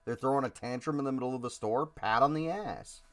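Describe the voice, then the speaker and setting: A man's voice: mid-range voice, fairly quick. A man co-hosting a podcast, talking bluntly and profanely with a joking edge in a casual chat. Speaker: podcast co-host.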